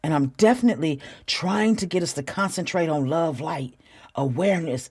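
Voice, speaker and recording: Medium in pitch with a breathy edge, this podcast host speaks earnestly on spiritual matters from the heart. Phrases get repeated and stretched out, with the audience called y'all.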